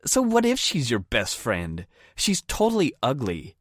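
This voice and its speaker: A male audiobook narrator voicing a snide, whiny teenage girl with a shrill Valley Girl manner. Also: wildly swooping pitch, measured pace, no room sound, studio quality. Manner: scoffing, whiny, mocking. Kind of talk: audiobook character voice.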